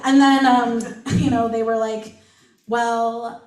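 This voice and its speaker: A woman's voice: a little high, steady tone, moderate pace, a little mellow. A woman doing open mic stand-up, telling a rambling story with many fillers and frequent giggles. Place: bookstore event space. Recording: echoey room from far off, with crowd. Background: audience laughter.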